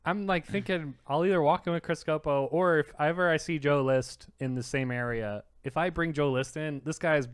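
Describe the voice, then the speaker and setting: A man co-hosting a comedy podcast, telling stories in an animated way and acting out the people in them, with frequent laughs. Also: fairly high pitch, moderate pace, hardly any pauses, clean tone, dry recording, clean studio sound. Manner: animated, acts out quotes, laughs often. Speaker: podcast co-host. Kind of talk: casual comedic storytelling.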